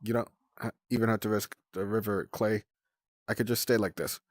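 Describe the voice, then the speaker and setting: A man voicing a sly, cool young female rain dragonet in a storybook, with a relaxed, drawling delivery. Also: on the low side, brisk, no echo, studio quality, close to an everyday voice.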